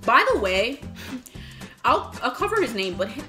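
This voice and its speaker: A young woman vlogger telling a storytime while eating, animated, swearing often and acting out the messages she got. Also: a little high, normal speed, pauses often, music in the background.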